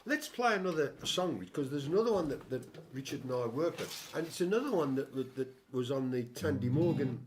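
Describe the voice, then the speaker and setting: A man's voice: medium pitch, expressive, fairly quick, hardly any pauses, a little hiss or hum. An older man hosting a casual music chat, telling a long story with many restarts and wry asides. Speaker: show host and songwriter.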